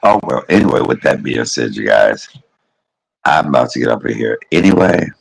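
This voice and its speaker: Very deep gravelly man chatting. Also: lively intonation, moderate pace, rough recording. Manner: rambling, chatty, calls viewers y'all and baby. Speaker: live streamer. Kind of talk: casual livestream chat.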